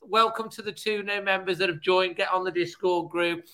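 Bright-voiced man, podcast host. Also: high-pitched, fairly even intonation, normal speed, low-quality recording. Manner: laughs helplessly, chatty sign-off. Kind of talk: casual chat.

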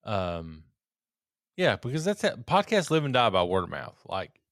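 A man's voice: lowish voice, wildly swooping pitch, unhurried, fairly bright tone, dry recording, studio quality. A man co-hosting a podcast in casual chat, tipsy from drinking, rambling, joking and swearing freely. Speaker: podcast co-host.

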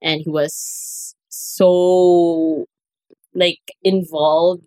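A woman's voice: lowish voice, level tone, drawn-out words, warm tone, no room sound. A woman co-hosting a casual podcast, bubbly and gushing, laughing often. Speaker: podcast co-host. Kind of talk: casual chat.

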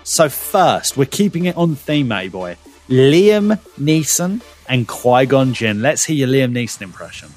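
A man's voice: mid-range voice, sing-song, measured pace, darkish tone, soft background music. A man, hosting a podcast game with playful, teasing banter. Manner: playful, teasing, sing-song emphasis. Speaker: podcast host. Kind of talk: casual game-show banter.

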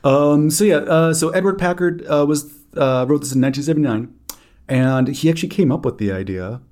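A man's voice: on the high side, fairly quick, a little mellow. A man hosting a podcast in casual chat, dry and teasing, with some filler. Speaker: podcast host.

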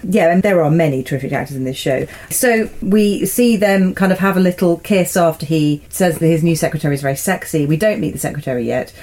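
A woman's voice: deep voice, fairly quick, few pauses, darkish tone. A woman co-hosting a podcast, recapping a television episode in casual chat, amused and laughing often. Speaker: podcast co-host.

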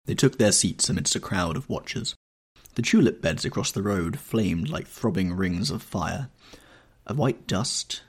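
A man reads a classic novel aloud with measured, expressive storytelling. His voice is low and gravelly with a husky texture. His intonation rises and falls freely. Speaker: audiobook narrator.

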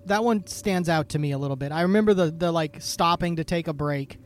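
A man's voice: on the high side, a little fast. A man co-hosting a podcast, self-deprecating and a bit hesitant, with lots of ums. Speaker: podcast co-host. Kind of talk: casual chat.

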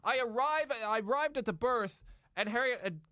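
A man chatting as a podcast guest, telling an animated story and acting out other people's lines. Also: extremely high pitch, normal speed, dry recording, studio quality. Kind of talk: casual chat.

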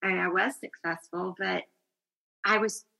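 A woman's voice: lowish voice, fairly even intonation, unhurried, creaky, bright, forceful tone, rough recording. A woman co-hosting a podcast, talking in an earnest, reflective way in casual chat. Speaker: podcast co-host.

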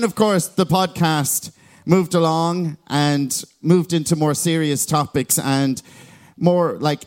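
A man's voice: fairly high pitch, darkish tone. An Irish man hosting a live stage show, chatting and teasing the audience in a large venue before introducing the guest. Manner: chatty, teasing banter with the crowd. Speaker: master of ceremonies. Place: large concert venue, crowd present.

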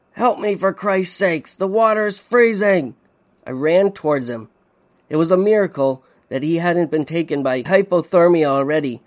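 A man hosting a podcast, reading a dark story in measured, suspenseful narration. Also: fairly high pitch. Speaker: podcast host.

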